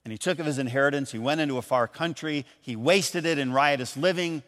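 High-voiced pastor in a reverberant hall. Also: male voice, a little fast. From Michigan, USA. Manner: animated storyteller, calls out lines in a raised voice. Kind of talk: sermon storytelling.

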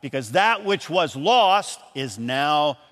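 A pastor preaching in a large hall, his high voice trailing into a long reverb. He tells stories with animation and calls out lines loudly. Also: very animated, slow. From Michigan, USA. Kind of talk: sermon storytelling.

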